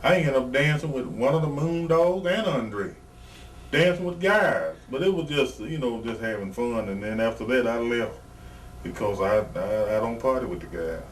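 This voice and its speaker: A man's voice: mid-range voice, animated, normal speed. Blunt profane man, distant mic. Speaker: retired pro wrestler, guest. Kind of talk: casual interview storytelling. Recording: distant mic, faint background noise.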